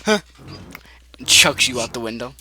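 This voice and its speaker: A man running a role-play game as narrator, playful and quick to put on silly voices. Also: mid-range voice, crowd noise. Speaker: game master.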